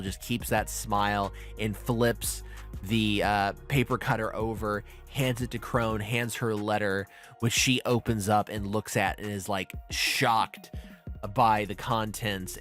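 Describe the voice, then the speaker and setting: Male podcast host, profane and animated, anime recap chat, faint music bed. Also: lowish voice, a little slow.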